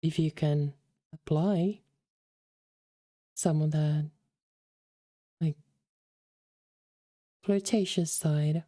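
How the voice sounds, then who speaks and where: A woman's voice: sits low, fairly even intonation, very slow, pauses often, warm tone, no echo, studio quality. A woman streamer chatting casually with her viewers while reading a game, affectionately calling them darlings.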